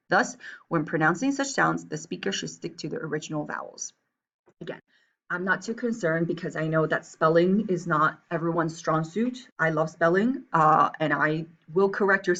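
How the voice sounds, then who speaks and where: A woman's voice: sits low, gravelly, fairly bright tone, dull audio. A woman with a New Jersey accent, teaching a recorded language lesson and checking in with "right?" and "okay?" as she explains. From grew up between Taiwan and the United States. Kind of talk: recorded lesson, reading from a textbook.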